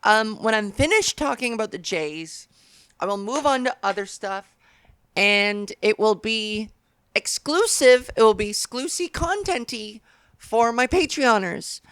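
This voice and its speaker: A woman's voice: a little high, lively intonation, a little slow, fairly bright tone, clear, resonant tone, no echo. Crude, rambling woman podcast host. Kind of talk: comedic podcast monologue.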